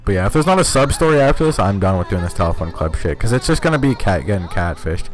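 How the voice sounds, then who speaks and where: Low-voiced, foul-mouthed male game streamer. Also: fast, faint music behind. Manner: profane, rambling and self-mocking, laughs often; talks in one steady voice, cannot scream. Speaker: streamer playing a video game. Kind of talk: casual live-stream commentary.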